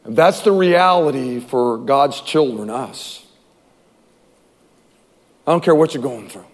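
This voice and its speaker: A male pastor preaching a sermon in an animated way, acting out scripture voices and dropping from loud to hushed. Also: mid-range voice, takes it slowly, big-room sound.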